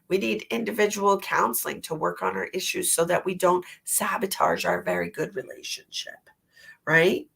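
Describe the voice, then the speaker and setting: A woman's voice: medium pitch, animated, normal speed, gravelly, fairly bright tone, breathy edge. A woman hosting a psychic livestream, giving tarot readings and chatting casually with viewers, with a stuffy nose from allergies. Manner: chatty, rambling, laughs at herself.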